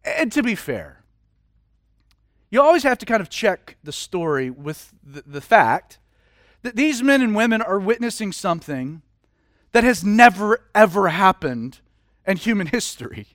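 A man preaching a sermon in a casual, animated way, with humorous asides. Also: high-pitched, measured pace, no room sound, studio quality. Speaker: pastor.

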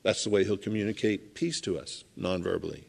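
A man preaching a sermon in a conversational way, acting out scenes and swinging from loud to hushed. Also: sits low, fairly even intonation, brisk, creaky, slightly rough. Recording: long hall reverb.

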